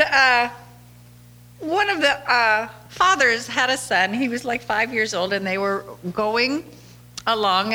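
A woman hosts a podcast with a mid-range voice that's bright and forceful, over a little hiss or hum. She tells casual stories in a chatty monologue, laughing often and acting out quotes.

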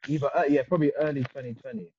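A man's voice: fairly high pitch, racing, darkish tone, a little hiss or hum. A young man in casual chat among friends, hesitant and searching for words. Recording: dull lo-fi sound.

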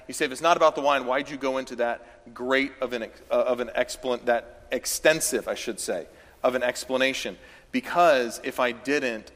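A man's voice: mid-range voice, a bit bright. A man from the South, a pastor preaching a sermon in a conversational way that rises into emphatic bursts. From American South. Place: church sanctuary. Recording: church hall with long reverb.

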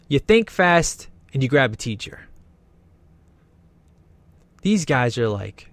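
A man's voice: medium pitch, very animated, takes it slowly, long pauses, no room sound. A man giving casual, jokey, enthusiastic commentary while watching a movie.

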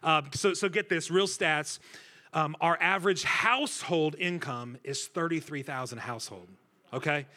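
Guest preacher, man, bright forceful tone, slightly high voice, jokes with the room. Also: moderate pace. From Centralia, Illinois. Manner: energetic, joking, talks with the crowd. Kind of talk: sermon. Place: church stage before a congregation.

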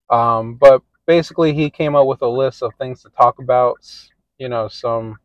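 A man's voice: mid-range voice, no room sound, dull audio. A man hosting a casual podcast monologue, telling a story in a rambling, profane way. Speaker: podcast host.

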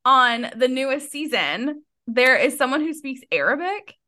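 A woman co-hosting a book podcast in casual chat, animated, laughing often and swearing freely. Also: sits high, unhurried. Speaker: podcast co-host.

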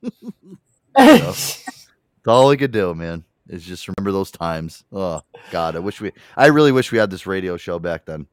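A man's voice: sits low, moderate pace, no room sound, clean studio sound. A man hosting a casual radio show, telling crude, laughing stories and slipping into impressions. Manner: animated storyteller, swears freely, slips into impressions. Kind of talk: loose casual banter with crude humor. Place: small studio. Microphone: studio mic.

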